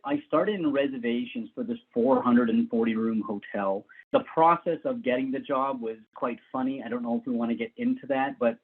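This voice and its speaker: A man tells a long story in a loose, rambling way, laughing often and starting sentences over. His voice is husky and sits in a middle pitch. It comes through a thin, tinny line like a phone call. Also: brisk, hardly any pauses. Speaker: guest. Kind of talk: casual storytelling.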